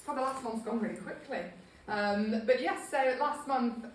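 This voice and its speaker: A woman's voice: fairly high pitch, normal speed, far from the mic, slight background noise. A woman giving a casual local history talk to a small group, chatty and self-deprecating with many ums. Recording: echoey room, speaker off-mic.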